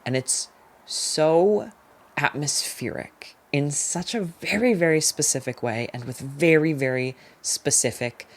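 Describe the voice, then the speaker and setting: A young adult talking through a casual book review vlog, chatty and opinionated, with lots of "like" fillers and quick, emphatic verdicts. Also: medium pitch.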